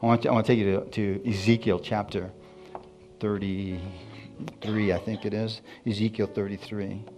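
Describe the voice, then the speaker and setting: A man preaching a sermon in a church. He keeps asking the congregation for responses and drops into quiet asides between loud, emphatic points. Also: fairly low pitch, little pitch movement, moderate pace, faint music behind. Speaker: pastor.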